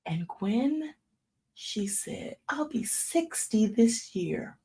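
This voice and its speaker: Her voice sits on the high side, breathy, with drawn-out words, as this church speaker in her fifties preaches informally. She's an animated storyteller who addresses the crowd as y'all.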